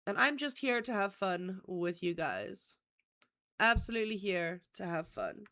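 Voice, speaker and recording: A woman's voice: mid-range voice, very animated, a little slow, sharp tone. A woman hosting a casual livestream, nasal and congested from a cold, giggly and blunt with swearing. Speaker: livestream host.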